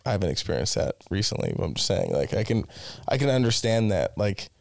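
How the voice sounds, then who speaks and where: Blunt, teasing man with a lively voice. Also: fairly low pitch, fast talker, creaky, no room sound, clean studio sound. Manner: blunt, swears a lot, teasing. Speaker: podcast co-host. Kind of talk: casual podcast chat.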